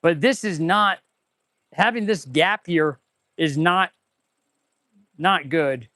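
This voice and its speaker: A man who runs an auto repair shop, chatting casually and excitedly on a livestream while he tests parts, rambling to viewers as he works. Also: on the high side, slow, dry recording. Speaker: auto mechanic and shop owner hosting a livestream. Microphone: clip-on mic.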